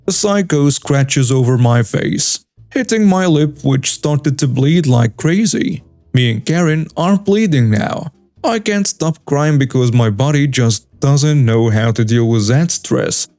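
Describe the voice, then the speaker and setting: A young man narrating a first-person story in an earnest, steady reading tone. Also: mid-range voice, unhurried, no room sound, faint music behind.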